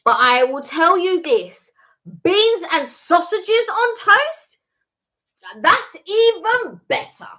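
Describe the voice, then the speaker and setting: Emphatic, bright-voiced British woman. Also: very high voice, animated, slow. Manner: emphatic, persuasive, repeats her point. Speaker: co-host of a live chat stream. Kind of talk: casual live-stream chat. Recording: dull lo-fi live-stream audio.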